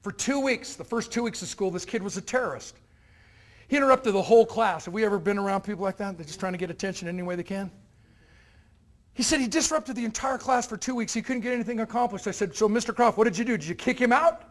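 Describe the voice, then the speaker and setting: A man's voice: high voice, fast talker. A man giving a motivational keynote to university students, telling stories and acting out the characters in them. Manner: animated, acts out characters in his stories. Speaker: motivational speaker. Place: university event hall.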